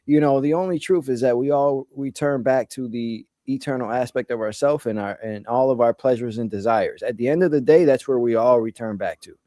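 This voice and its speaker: Male host, earnest advice-giver, mid pitch, dry recording. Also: a little fast, few pauses, mellow, dry recording. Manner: earnest, advising, repeats his points. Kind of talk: casual spiritual discussion.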